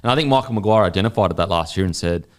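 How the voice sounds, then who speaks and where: Blunt, sweary Australian bloke. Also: male voice, deep voice, lively intonation, racing. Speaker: podcast co-host. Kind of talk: casual sports chat.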